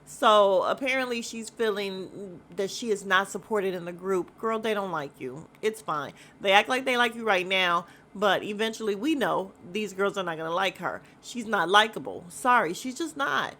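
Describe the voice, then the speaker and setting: A woman's voice: mid-range voice, expressive, normal speed, hardly any pauses, bright, forceful tone. A woman hosting a podcast, recapping a reality show in casual chat, blunt and gossipy with slang and cursing, rambling with plenty of fillers. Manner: chatty and rambling, with frequent fillers.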